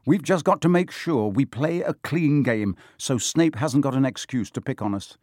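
A man voicing a driven, bossy young sports captain who yells at his team. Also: mid-range voice, expressive, normal speed, no echo, clean studio sound, pitched above the performer's own voice, lightly acted. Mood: defensive. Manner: yelling, commanding.

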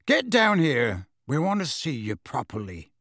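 A man voicing a gruff, suspicious old male wizard with a low, growling voice, in a clipped, commanding audiobook reading. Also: wildly swooping pitch, measured pace, fairly bright tone, dry recording, studio quality, heavily acted.

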